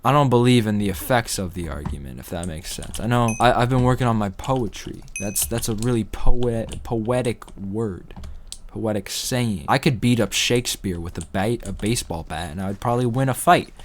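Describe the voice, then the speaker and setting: A man's voice: lowish voice, normal speed, slight background noise. Rambling young man joking over gameplay. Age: young adult. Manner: rambling, absurd deadpan jokes. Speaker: gaming commentator. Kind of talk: casual gameplay commentary. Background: faint keyboard clicks.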